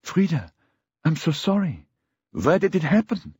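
A man's voice: on the high side, big pitch swings, a little slow, darkish tone, slightly rough, dry recording, pitched above the performer's own voice, full character voice. A man voicing a young woman who is earnest and suspicious, her voice shaky. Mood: uneasy.

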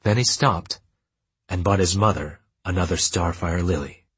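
A man reading an audiobook in a steady, measured storytelling manner. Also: low voice, breathy edge, no echo. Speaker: audiobook narrator. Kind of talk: scripted narration.

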